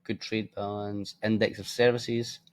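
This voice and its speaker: A man's voice: fairly low pitch, flat delivery, unhurried, smooth. A tired man giving casual, blunt market commentary as a forex trading presenter. He swears freely, keeps yawning and makes offhand asides.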